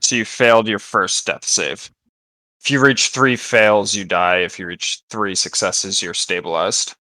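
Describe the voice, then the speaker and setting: Calm man running an online tabletop game. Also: on the low side, measured pace, no room sound. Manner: calm, guiding players through rules. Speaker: dungeon master.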